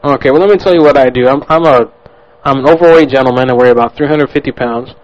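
A man's voice: medium pitch, quick pace, natural voice. A man playing a pushy, stranded male tourist who rambles on and begs for work in a prank phone call. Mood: pleading. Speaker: prank caller. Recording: lo-fi podcast audio.

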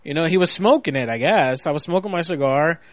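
A man's voice: a little high, expressive, fast, no room sound. A man hosting a casual late-night show, rambling and telling stories in a laid-back way. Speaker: show host.

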